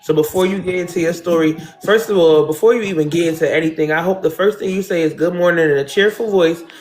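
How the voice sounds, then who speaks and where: A woman's voice: fairly low pitch, fast talker, a little mellow. A woman from New Jersey hosting a casual live stream from home, talking emotionally and directly to her viewers. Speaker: livestream host. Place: at home, decorated with balloons and pictures.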